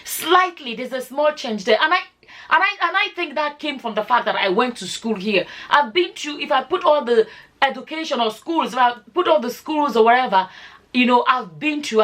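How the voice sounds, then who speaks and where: A woman's voice: high voice, animated, normal speed, fairly bright tone. Chatty Nigerian woman vlogger. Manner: rambling, self-correcting, slips into pidgin. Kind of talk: casual chat to camera.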